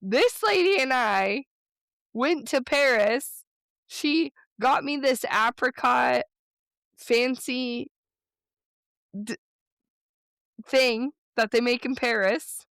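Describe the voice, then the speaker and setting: A woman co-hosting a podcast in casual chat, telling stories in a chatty, rambling way with quick bursts. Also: high voice, a bit bright, no echo, studio quality. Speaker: podcast co-host.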